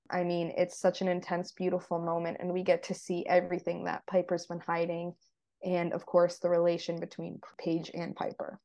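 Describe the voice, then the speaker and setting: A woman co-hosting a casual TV recap podcast, her voice low and warm with a mellow tone. She walks through scenes in detail, peppering her talk with "like.". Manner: retells scenes in detail, many "like" fillers. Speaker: podcast co-host.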